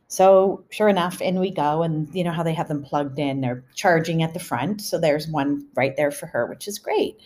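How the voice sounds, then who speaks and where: A middle-aged woman with a slightly low voice tells family stories in a relaxed, chatty podcast manner. She laughs now and then as the stories roll along. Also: normal speed. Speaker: podcast host. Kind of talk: casual storytelling.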